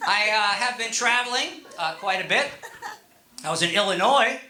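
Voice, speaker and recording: A middle-aged man does a stand-up set, rambling conversationally and teasing the audience. His voice is high and very bright. He is on a stage mic in an echoey room. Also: lively intonation, normal speed, a little hiss or hum. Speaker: stand-up comedian. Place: comedy stage.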